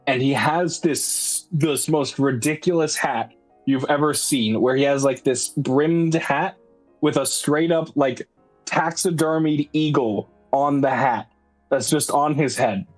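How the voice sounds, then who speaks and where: A man's voice: fairly high pitch, slow. A man running a tabletop game as dungeon master, narrating a scene in a loose, casual way with many fillers. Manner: casual, full of "like" and restarts. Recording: faint background music.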